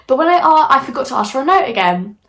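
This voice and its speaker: A young woman telling a school story in a casual vlog, animated, swearing freely and acting out her own reactions. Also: high voice, quick pace, rough recording. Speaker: vlogger.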